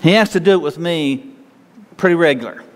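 A man's voice: on the high side, brisk, long reverb tail. A man preaching a sermon as pastor, folksy and conversational, often stammering and restarting.

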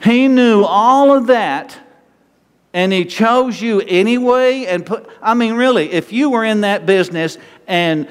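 A man with a North Texas accent, a pastor giving a lively, conversational sermon full of rhetorical questions. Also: sits high, measured pace, smooth, big-room sound.

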